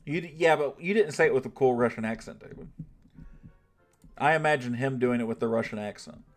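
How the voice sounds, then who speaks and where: A man's voice: medium pitch, fairly quick, faint music behind. A man from the United States chatting casually on a livestream, swearing freely, laughing often and teasing his chat. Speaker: streamer reading and answering chat.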